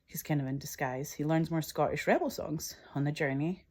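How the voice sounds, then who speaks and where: Low-voiced woman enthusing over her screenplay. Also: a little fast, a little mellow, husky. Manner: enthusiastic, laughs at herself, emotional. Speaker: filmmaker describing her screenplay. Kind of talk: animated scene-by-scene retelling.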